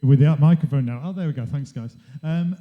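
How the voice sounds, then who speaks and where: A man's voice: on the high side, a little fast, phone-quality sound. Jovial man hosting a convention panel. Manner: jovial, chatty moderator. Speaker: panel host. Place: convention hall stage.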